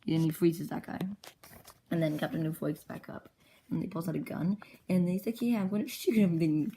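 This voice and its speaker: A woman excitedly retelling the story of her own comic journal in a rambling, casual way, jumping into brief character voices. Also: deep voice, moderate pace.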